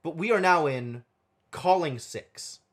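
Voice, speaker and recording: A man's voice: a little high, expressive, slow. A man streaming a game live, thinking aloud and muttering counts to himself as he works through a puzzle. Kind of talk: live gameplay commentary.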